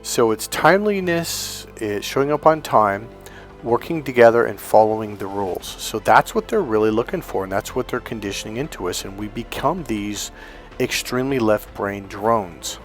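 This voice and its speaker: A man's voice: fairly low pitch, expressive, moderate pace, soft background music. A man giving a solo coaching monologue on relationships, talking emphatically and acting out what husbands and wives say to each other. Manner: emphatic, acts out quoted couples' lines.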